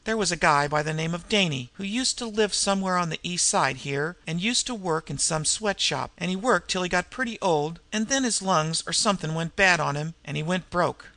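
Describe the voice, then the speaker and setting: A man's voice: sits high, moderate pace, gravelly, pushed and bright, no room sound, full character voice. A man voicing a complacent street crook who talks in airy, eager slang in a storybook reading. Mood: breezy.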